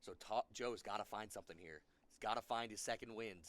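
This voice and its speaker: A man's voice: on the low side, fairly quick, fairly bright tone. A man giving live color commentary on a darts match, analytical and repeating points for emphasis.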